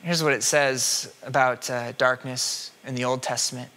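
A man preaching a sermon as a minister, moving from hushed reflection to loud, pleading questions. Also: medium pitch, steady tone, moderate pace.

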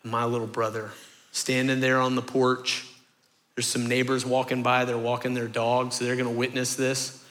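Animated storytelling preacher, bright voice. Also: male voice, medium pitch, normal speed. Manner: animated storytelling, acts out voices, repeats phrases for rhythm. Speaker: pastor. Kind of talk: sermon.

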